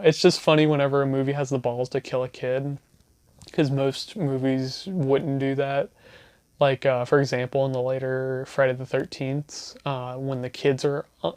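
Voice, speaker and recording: With a mid-range, smooth, slightly mellow voice and no room sound, a reviewer films herself or himself at home on a camera mic. Chatty and laughing often, they ramble through horror movie recommendations and lose their train of thought.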